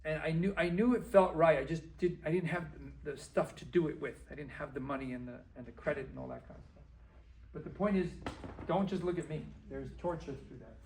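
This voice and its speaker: A man's voice: on the high side, a little fast, creaky, a little hiss or hum. A man, a dentist, giving a motivational talk to a group, acting out conversations and repeating phrases for emphasis. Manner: animated, acts out dialogue and repeats phrases for emphasis.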